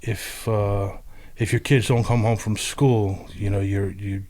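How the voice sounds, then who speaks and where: Low-pitched veteran man, plain-spoken and halting, swears freely. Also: little pitch movement, a little mellow. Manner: frank, loose, halting with blunt swearing. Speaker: army veteran. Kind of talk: casual storytelling.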